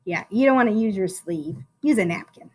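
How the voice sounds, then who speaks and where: A woman teaching a phonics lesson to first graders, sounding out words slowly and encouraging the children in a sing-song teacher voice. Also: medium pitch, expressive, darkish tone. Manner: slow, drawn-out sounding out of words.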